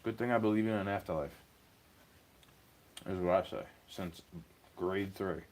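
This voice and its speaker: A man's voice: low-pitched, measured pace, a little mellow, a little hiss or hum. A young man ranting in a rambling, agitated monologue, swearing as he talks to a stream chat.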